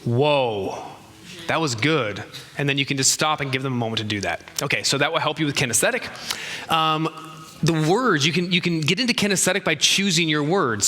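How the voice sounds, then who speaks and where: Bright-voiced man coaching a live room. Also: fairly high pitch, quick pace. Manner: animated, acts out dialogue in raised voices. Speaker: speaking coach. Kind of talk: live seminar teaching.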